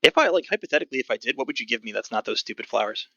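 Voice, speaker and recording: Dude doing a shifty dismissive scalper guy, pitched up, gravelly, dry lo-fi sound. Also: expressive, rapid-fire, pushed and bright, dry recording, exaggerated voice. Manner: denying, dismissive. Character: evasive, stubborn carnival ticket scalper.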